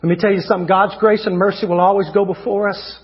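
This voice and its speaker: High-voiced fervent male preacher. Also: flat delivery, fast talker, long reverb tail, dull audio. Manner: fervent, shouting at peaks, repeats phrases. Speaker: evangelist preacher. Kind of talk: sermon. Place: church hall.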